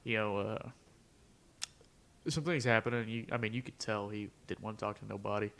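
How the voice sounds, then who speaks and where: A man's voice: fairly low pitch, fairly even intonation, fairly quick, gravelly, a bit bright. A young man on a podcast, telling a long story in casual chat and acting out the quotes, dropping "bro" and "dude" often. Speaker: podcast co-host.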